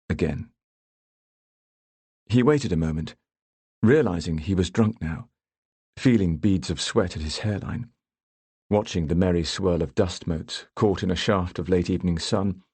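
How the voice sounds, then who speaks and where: A man narrating an audiobook in a measured, even way. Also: deep voice, slightly rough, no echo. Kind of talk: scripted narration.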